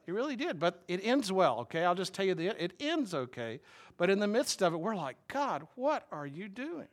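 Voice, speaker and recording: A man's voice: high voice, big pitch swings, a little fast. A man preaching a sermon as a pastor, talking in a wry, conversational way and putting questions to his listeners.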